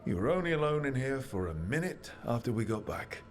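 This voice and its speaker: A man's voice: mid-range voice, sing-song, fairly quick, faint music behind, natural voice. An actor playing a practical male adventurer hero in video game dialogue, speaking in a dry, matter-of-fact way.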